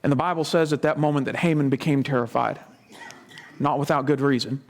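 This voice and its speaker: A man's voice: mid-range voice, a little fast. A man preaching a sermon as a pastor, retelling a Bible story dramatically with casual asides. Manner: conversational asides.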